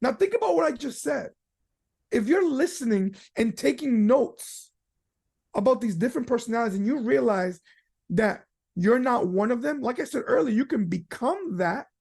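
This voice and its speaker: A man running an upbeat online training session from home. He talks loosely and quickly, with lots of "um" and "you know", and keeps jumping into little acted-out voices of other people. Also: very high voice, vocal fry, slightly rough. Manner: animated, acts out quoted people in character voices; casual with frequent fillers and restarts. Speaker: business trainer. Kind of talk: webinar training talk.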